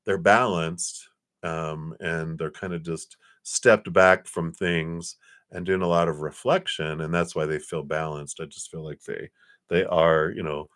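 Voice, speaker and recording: A tarot reader with a deep, low voice reads cards on a live stream, gentle and reassuring as he wanders through his thoughts with fillers and restarts. His intonation is fairly even and his pace a little slow.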